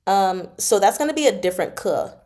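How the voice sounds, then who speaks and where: A woman's voice: mid-range voice, animated, brisk, mellow. A woman hosting a casual livestream lesson, chatty and self-correcting, sounding out Mandarin tones as she explains them. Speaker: livestream host teaching Mandarin.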